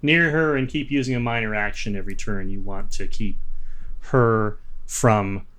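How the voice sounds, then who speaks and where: A man running a tabletop game as game master, narrating events with hesitant pauses and filler words. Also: fairly low pitch, steady tone, fairly bright tone. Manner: hesitant, lots of ums and uhs.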